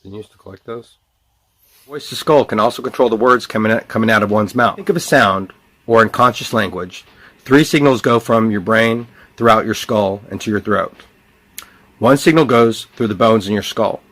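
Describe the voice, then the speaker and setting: A man, the channel's owner, explaining things in an earnest, measured monologue. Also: fairly low pitch, fairly bright tone.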